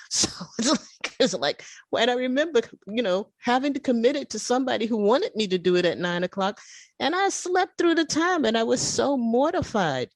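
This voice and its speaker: Lively woman in her seventies. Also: mid-range voice, dry recording. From United States. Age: 70s. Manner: animated, emotional storytelling. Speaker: meeting speaker. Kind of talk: personal recovery share. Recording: video call audio.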